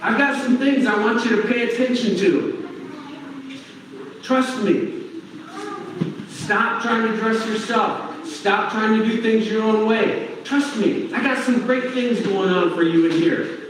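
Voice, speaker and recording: A man's voice: sits high, a little slow, background noise. A man voicing God as a patient, fatherly male figure who coaxes and reassures, in a sermon recorded in a church. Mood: reassuring. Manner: coaxing, calls him "man" and "buddy". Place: church sanctuary. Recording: echoey hall, heard from far off.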